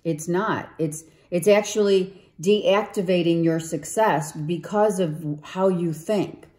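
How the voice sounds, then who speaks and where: A woman giving a spiritual tarot reading, coaxing her listener and often checking in with "okay" and "right", her voice going hoarse. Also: lowish voice, slow, mellow, reverberant. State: losing her voice. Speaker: tarot reader.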